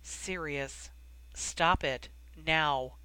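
A calm adult wizard who steadies his friends with quiet, firm reassurance, as the audiobook reader puts him on. The voice is crisp and bright, and it sounds dry and close to the mic. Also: mid-range voice, extremely slow, no echo.

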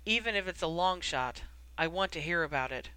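A weary middle-aged wizard official, worn down by his work, who grumbles his way through his complaints with a dry, wry edge, as the audiobook reader puts him on. The voice is bright and crisp and sounds dry and close. He talks briskly, as if he is always pressed for time. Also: mid-range voice, expressive, no room sound, poor audio.

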